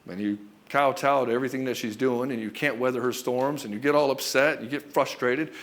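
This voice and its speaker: A man's voice: medium pitch, fairly even intonation, a little fast, fairly bright tone. A man giving a relationship coaching monologue straight to the camera, blunt and emphatic, swearing often and calling the listener brother and dude.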